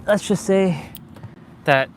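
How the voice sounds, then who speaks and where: A young man from Canada live-streams while walking through a parking lot to his car, chatting casually and rambling with frequent fillers and restarts. He speaks slowly in a high-pitched voice over a noisy background.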